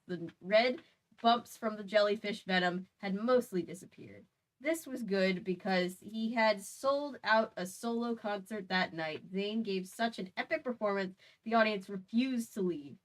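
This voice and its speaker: Reading a book aloud, a woman host keeps stopping for playful, chatty comedic asides. She has a mid-range voice and a relaxed, conversational delivery.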